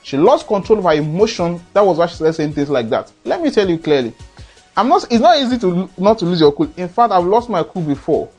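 A man's voice: high-pitched, big pitch swings, brisk, a little mellow, husky, soft background music. A man with a Nigerian accent speaking earnestly in an advice monologue, lecturing his listeners. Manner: earnest, lecturing, acts out quoted dialogue. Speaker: motivational speaker.

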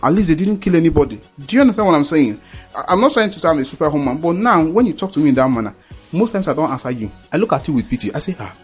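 A man's voice: a little high, sing-song, very fast, slightly rough, soft background music. A man preaching a sermon in an earnest, repetitive way, often checking that listeners understand.

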